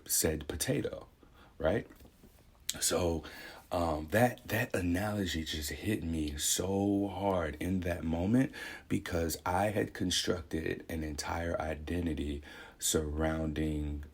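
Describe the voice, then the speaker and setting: A man's voice: very deep voice, gravelly, darkish tone, slightly rough. A young man speaking a candid, reflective personal monologue in a conversational way, thinking aloud. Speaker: vlogger.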